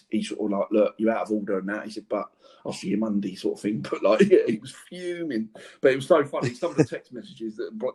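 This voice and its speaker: Husky man telling stories. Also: medium pitch. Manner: animated anecdotes, laughs through stories, slangy. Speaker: former professional footballer, podcast guest. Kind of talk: casual storytelling chat.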